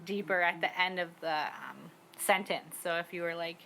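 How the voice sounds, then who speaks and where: A young woman from the Squamish Nation, a parent learning her language, chatting casually with lots of fillers and quick laughs as she acts out little quotes. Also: on the low side, steady tone, creaky, bright, forceful tone, a little hiss or hum, rough recording. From Squamish Nation, British Columbia, Canada. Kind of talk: casual conversation. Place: outdoor community garden.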